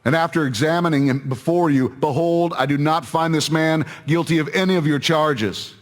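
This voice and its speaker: A man's voice: fairly high pitch, steady tone, moderate pace, in a large hall, voice pushed up, natural voice. A man reading the part of an uneasy Roman governor in a scripture reading, pressing questions on a crowd. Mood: insistent.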